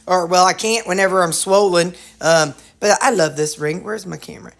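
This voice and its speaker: A woman's voice: on the low side, moderate pace, creaky. A middle-aged woman talking straight to her viewers in a loose, rambling vlog. Her speech is folksy and chatty, with jokes tossed in along the way. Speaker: vlogger. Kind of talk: casual chat to viewers.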